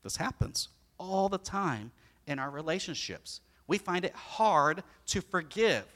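A middle-aged male pastor giving an animated sermon, telling stories and asking the congregation questions. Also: sits high, unhurried.

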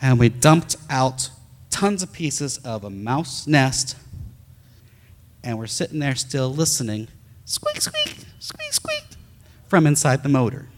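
A man, a pastor, telling a story in a sermon as an animated storyteller who acts out the sounds. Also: medium pitch, big-room sound.

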